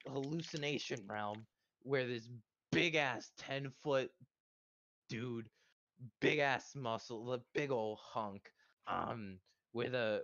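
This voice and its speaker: A man's voice: medium pitch, fairly bright tone, dry recording, dull audio. Rambling, profane man recapping a game. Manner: rambling, profane, with many fillers. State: strained voice after a long session. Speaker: player recapping the last session. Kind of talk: casual recap of a tabletop game.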